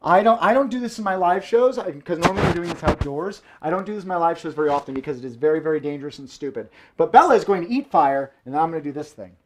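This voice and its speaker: A man's voice: on the high side, expressive, fast, few pauses, heavy background noise. A man performing fire tricks from home for a live stream, joking and hyping up the audience. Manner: playful, joking, hyped-up showman. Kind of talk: live-streamed show banter. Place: home room indoors.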